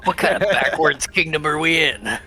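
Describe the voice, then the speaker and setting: A man's voice: a little high, animated, normal speed, bright, forceful tone. A man playing in a tabletop game, making wry jokes. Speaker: player.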